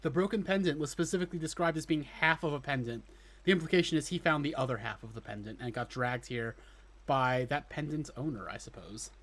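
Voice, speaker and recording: A man's voice: a little high, brisk, fairly bright tone. A man casually commentating while playing a video game, chatty and self-deprecating, with casual swearing. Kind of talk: casual let's play commentary.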